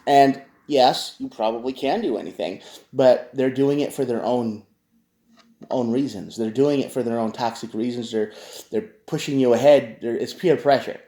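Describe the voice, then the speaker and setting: A man reads tarot cards in a loose, conversational way, speaking straight to his viewers at an even middle pitch. His sentences often restart and pile up repeats. The room around him sounds echoey. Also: normal speed. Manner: conversational, addresses viewers directly, frequent restarts. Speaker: tarot reader. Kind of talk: casual spoken tarot reading.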